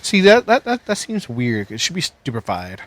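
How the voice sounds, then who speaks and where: A man's voice: mid-range voice, wildly swooping pitch, moderate pace. A man playing a tabletop game with friends, eager and chatty. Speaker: player. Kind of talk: casual tabletop play.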